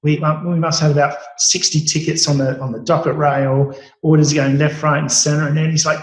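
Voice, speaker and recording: A man's voice: fairly high pitch, flat delivery, fairly quick, hardly any pauses. A man in his late forties with an Australian accent, telling stories about his cooking career with many fillers and restarts. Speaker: chef guest. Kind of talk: storytelling interview. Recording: roomy echo.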